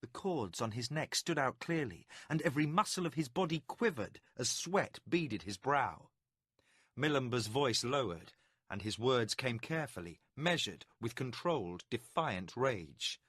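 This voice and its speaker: A man reading a fantasy audiobook as scripted narration, dramatic and expressive. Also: mid-range voice, normal speed, breathy edge, no room sound, studio quality.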